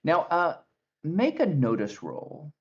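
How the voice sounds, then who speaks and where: Man, game master, relaxed, halting, filler-heavy, slightly muffled recording. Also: a little high. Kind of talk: narrating a tabletop game.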